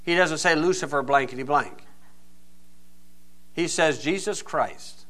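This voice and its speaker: A man's voice: on the high side, unhurried, pushed and bright. A man preaching a sermon in a folksy, joking and emphatic way.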